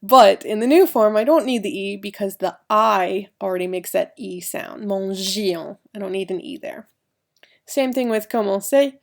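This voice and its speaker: A woman with a slightly gravelly, fry-tinged voice talks through a recorded grammar lesson. She goes step by step, spelling out letters and checking in with her students. Her pitch sits in the middle range. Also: moderate pace. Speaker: French teacher.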